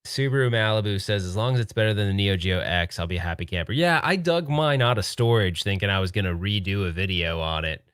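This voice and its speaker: Low-voiced male streamer, hushed casual chat that keeps breaking into laughs, dry room. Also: fast, hardly any pauses, smooth, no echo. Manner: laughing, joking, excitable but hushed. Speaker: livestream host. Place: home room at night.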